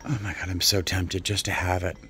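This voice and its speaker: A man vlogging while he browses antique and vintage shops, gushing and musing aloud, sometimes dropping to a soft near-whisper. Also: sits low, flat delivery, a little fast. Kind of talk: casual vlog narration while shopping.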